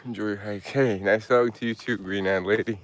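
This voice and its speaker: A man with a lowish, steady voice talks briskly while hiking a hilly outdoor trail. He's breathless but laid-back, casually answering live chat questions aloud.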